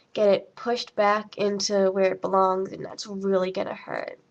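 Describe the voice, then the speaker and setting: A teenage girl chats her way through a story for her vlog, rambling with plenty of fillers and little acted-out quotes. Her voice sits at an ordinary pitch, and it comes through a dull, lo-fi webcam mic. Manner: chatty, rambling, full of fillers and quoted dialogue. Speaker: vlogger. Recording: lo-fi webcam audio.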